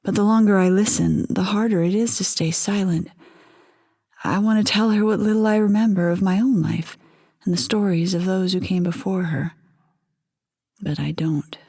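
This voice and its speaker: A woman narrating a first-person story in a quiet, measured, intimate way. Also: mid-range voice, fairly even intonation.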